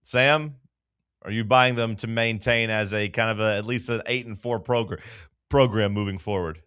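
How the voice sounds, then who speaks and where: A man's voice: fairly low pitch, moderate pace, fairly bright tone, clear, resonant tone. A man hosting a sports talk radio show, quizzing his co-hosts in casual chat.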